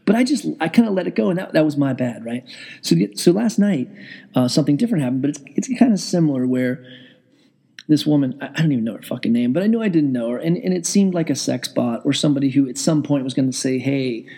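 A man with a gravelly, husky voice tells a story in a loose, rambling way. His tone is dark and mellow, and he swears freely and pokes fun at himself. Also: on the high side, lively intonation, fast talker. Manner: rambling, profane, self-deprecating. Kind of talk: casual storytelling vlog. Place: indoors at home with TV on.

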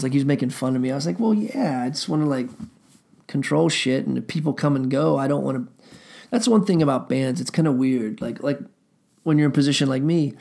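A man's voice: medium pitch, gravelly, a little mellow. A middle-aged man and musician telling rambling stories in a casual way, full of fillers and swearing. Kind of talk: casual storytelling.

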